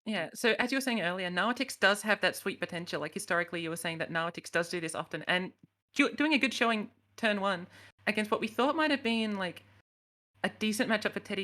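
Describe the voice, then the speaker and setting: A woman's voice: mid-range voice, bright, forceful tone. A woman from the Americas casting a live esports match, analytical and thinking aloud, often second-guessing her own reads. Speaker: esports co-caster. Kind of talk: live esports game commentary.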